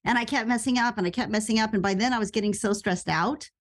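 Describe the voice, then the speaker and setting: A woman guest tells her story on an interview podcast. She talks quickly and with plenty of life, and she acts out the people she quotes. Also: on the high side. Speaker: actress and radio host guest.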